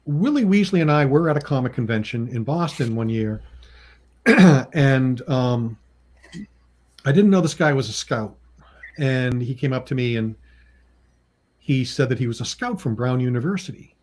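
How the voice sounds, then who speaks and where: A man of average pitch telling casual stories as a guest on a chat show about his own comic work. He laughs often and slips into lively voices when quoting others, with frequent ums and restarts. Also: normal speed, pauses often. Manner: chatty, acts out quoted people with pitch jumps; laughs often between remarks. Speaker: comic book writer and artist, guest. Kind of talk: casual anecdotal storytelling.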